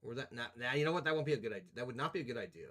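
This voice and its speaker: A man's voice: mid-range voice, lively intonation, very fast, a bit bright. A young man live-streaming as he edits video, chatting casually with his viewers in a rambling, profane, joking way and often laughing.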